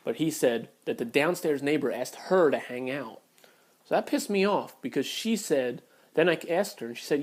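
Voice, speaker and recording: A man's voice: a little high, expressive, moderate pace. A man telling a personal story on camera in a blunt, profane, heated way. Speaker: vlogger. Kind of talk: casual storytelling rant.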